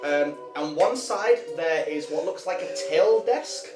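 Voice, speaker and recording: A man's voice: fairly high pitch, lively intonation. A man narrating as game master, hesitant and full of ums. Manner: halting, many ums. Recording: roomy room with music behind.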